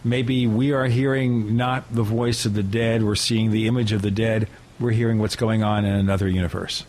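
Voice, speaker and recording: A man's voice: on the low side, steady tone, normal speed, a little mellow. A man hosting a podcast, asking curious, probing questions with a joking side. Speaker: podcast host. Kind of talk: casual podcast interview.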